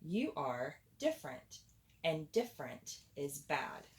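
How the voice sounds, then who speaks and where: A woman voicing a pompous, bossy male stink bug in a storybook reading, loud and stern. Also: deep voice, big pitch swings, slow pace, echoey room, pitched below the performer's own voice, heavily acted.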